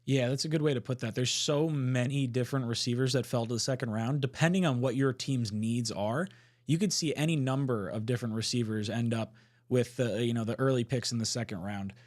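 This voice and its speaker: A man's voice: medium pitch, fairly quick, darkish tone. A man hosting a casual live stream, chatting with co-hosts and reading viewer comments aloud. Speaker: podcast host.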